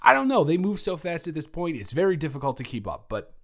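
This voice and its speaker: A man's voice: on the high side, huge pitch swings, fast talker. A young man improvising an audio role-play, talking in a flustered, rambling way with many stammering restarts.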